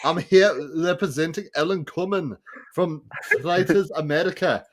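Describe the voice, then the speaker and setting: A man's voice: on the high side, moderate pace, voice pushed up, lightly acted. A man doing a playful impression of a male Scottish TV host, with a Scottish accent and a hammy announcer delivery.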